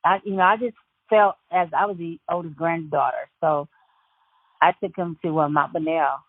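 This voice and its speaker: A woman recalling scattering her grandfather's ashes in a halting, conversational way. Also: on the low side, steady tone, no room sound. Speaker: granddaughter recounting a story. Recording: tinny phone-like recording.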